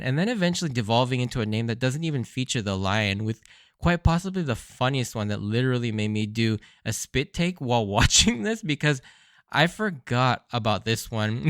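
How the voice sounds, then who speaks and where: A man's voice: mid-range voice, lively intonation, moderate pace, smooth, dry recording, studio quality. A man hosting a podcast, recapping anime episodes in a casual, enthusiastic way and laughing often. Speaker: podcast host.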